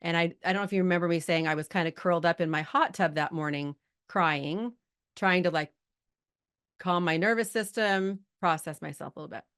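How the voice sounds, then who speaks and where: A middle-aged woman coaching a group over a video call, chatty and lively, holding back tears at times. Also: fairly low pitch, a little fast, smooth. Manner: chatty, lively, talks to the chat audience. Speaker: life coach hosting a live group call. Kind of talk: casual coaching talk.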